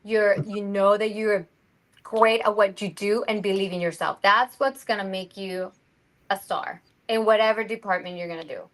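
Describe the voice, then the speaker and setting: An interview guest and actress from Mexico talks casually at a moderate pace with a mid-range voice, animatedly imitating the people she quotes. Audio is poor.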